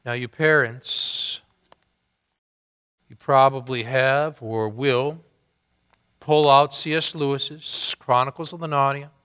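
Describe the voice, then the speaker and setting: Slow, bright-voiced preaching man. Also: mid-range voice, steady tone, clean tone. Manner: dramatic, rising and falling delivery. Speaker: pastor. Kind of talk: sermon. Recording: long hall reverb.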